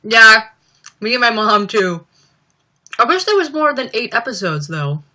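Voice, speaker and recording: A woman's voice: a little high, animated, a little slow, bright, forceful tone. A young woman chatting casually on a livestream, reading out viewer comments and rambling with lots of fillers. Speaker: livestream host.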